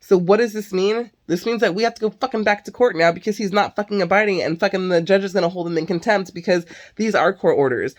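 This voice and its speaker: Talking fast with hardly any pauses, this medium-pitched woman rants in a casual vlog monologue. Her venting is exasperated and loaded with swearing, frequent sighs, and a constant stream of "like."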